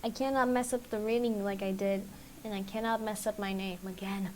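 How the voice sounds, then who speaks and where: A woman streamer who reads a dating game aloud quickly, a bit out of breath and poking fun at herself. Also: mid-range voice, fairly even intonation, darkish tone, a little hiss or hum, poor audio. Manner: fast, self-mocking reading. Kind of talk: game dialogue read-along.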